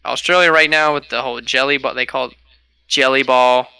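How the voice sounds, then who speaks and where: Young male podcast co-host, bright smooth voice, close dry mic, animated storyteller. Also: mid-range voice, brisk, no echo. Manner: animated storyteller, laughs often. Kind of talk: casual chat.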